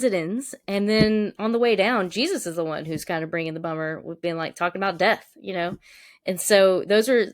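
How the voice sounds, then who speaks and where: A woman co-hosting a Bible lesson, talking in a relaxed, conversational way and summing up points. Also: mid-range voice. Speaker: Bible teaching co-host. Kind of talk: casual teaching discussion.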